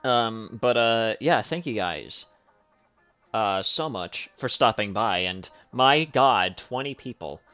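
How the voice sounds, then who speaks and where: A man's voice: lowish voice, lively intonation, takes it slowly, pushed and bright, clean tone, lo-fi sound, faint music behind. A young man streaming, reacting to a video in loose, profane chat with lots of fillers. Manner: loose and profane, laughs hard, many fillers. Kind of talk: casual live-stream commentary.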